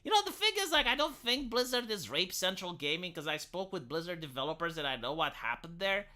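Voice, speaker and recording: His bright, sharp voice goes sing-song and leaps in pitch as he streams live, speaking fairly quickly. He rambles, drops sarcastic remarks and swears without hesitation, sounding like loose, opinionated late-night chat.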